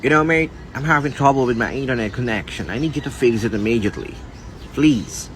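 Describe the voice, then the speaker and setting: A pushy male customer who wants his problem fixed now, loud and impatient, in an everyday mid-pitched voice, as a man plays him. Faint ambience sits behind. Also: a little fast, slight background noise, close to an everyday voice. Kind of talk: comedy sketch role-play.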